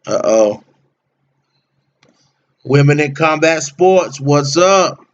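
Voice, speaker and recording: Slow-talking man hosting a casual livestream. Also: on the high side, lively intonation, dull audio. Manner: slangy, talks to chat viewers by name. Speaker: livestream host.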